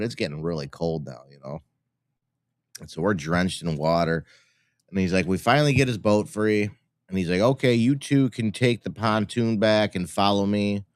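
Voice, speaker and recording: A man co-hosting a live show, telling a long story in casual chat with halting restarts. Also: low-pitched, clear, resonant tone, no room sound, clean studio sound.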